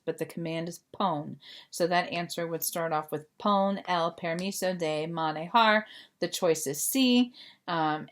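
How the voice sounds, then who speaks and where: Woman, teacher, slow unhurried delivery, patient explaining, fillers. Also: lowish voice. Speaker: Spanish teacher. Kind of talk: recorded remote class lesson.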